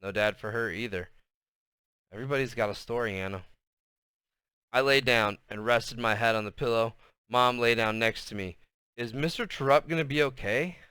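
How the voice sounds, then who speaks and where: A man reading a children's novel aloud in an unhurried voice, with small slips along the way. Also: lowish voice, steady tone, pushed and bright, clean tone, no echo. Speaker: reader.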